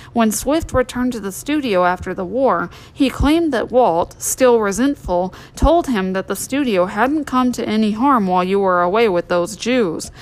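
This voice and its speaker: A woman's voice: mid-range voice, rough recording. A woman narrating a biography as an audiobook, reading steadily with small restarts now and then. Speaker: audiobook reader.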